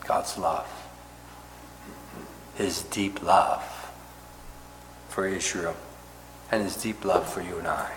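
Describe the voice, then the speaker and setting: A man preaching an expository sermon as a pastor. He talks conversationally, often checking in with "right?" and "okay?", and drops to soft, hushed tones on tender points. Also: deep voice, takes it slowly, long pauses. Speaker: pastor teaching a Bible study. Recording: roomy hall reverb with faint background noise.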